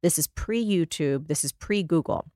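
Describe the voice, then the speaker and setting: A woman in her forties from New Jersey, a guest author and life coach, telling animated stories in an interview and acting out the voices in them. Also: low-pitched, a little slow, no room sound, studio quality. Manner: lively, acts out voices in her anecdotes.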